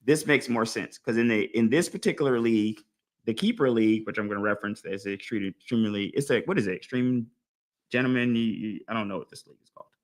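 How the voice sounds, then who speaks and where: Man, casual chat, thinking out loud, playing crowd voices. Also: medium pitch, fast. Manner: animated, talks through his choices out loud, acts out imagined crowd voices. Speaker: fantasy football league podcast host. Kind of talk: casual live-stream chat.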